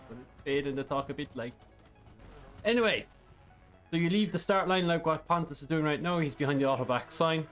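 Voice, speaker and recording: A man's voice: fairly high pitch, expressive, fairly quick, a bit bright, soft background music. A man streaming a driving game, reading chat questions and explaining a track in a casual, rambling way. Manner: casual, rambling, many fillers. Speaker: sim racing streamer.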